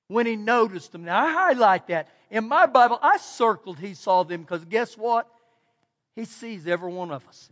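Texan pastor, male, very high pitched, preaching to a congregation, long hall echo on the recording. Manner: preaching with emphatic repetition and shifts between loud and quiet. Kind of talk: sermon. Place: church sanctuary. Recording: church hall with long reverb.

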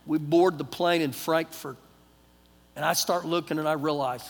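A middle-aged man with a Texan accent preaching a sermon, telling a personal story in a folksy way, acting out dialogue, his voice swinging between loud and hushed. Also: fairly high pitch, steady tone, moderate pace. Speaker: pastor. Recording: long hall reverb.

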